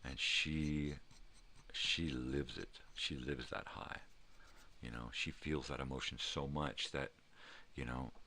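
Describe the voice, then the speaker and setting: A man's voice: rumbling low, gravelly, a bit bright, a little hiss or hum. An older man talking in a rambling, profane monologue, emphatic and heartfelt, with many "you know"s. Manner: emotional, heartfelt. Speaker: vlogger. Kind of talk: casual monologue.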